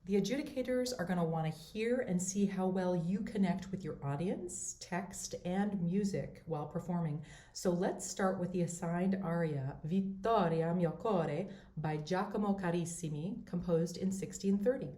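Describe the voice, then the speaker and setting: A woman giving a voice lesson as a teacher, explaining step by step in a clear, methodical way. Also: lowish voice, normal speed, mellow. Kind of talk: instructional voice lesson. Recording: roomy echo.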